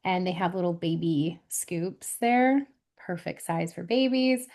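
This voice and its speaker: A woman in her thirties co-hosting a podcast in casual chat, telling an animated story with lots of laughter and fillers. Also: fairly low pitch, unhurried. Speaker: podcast co-host.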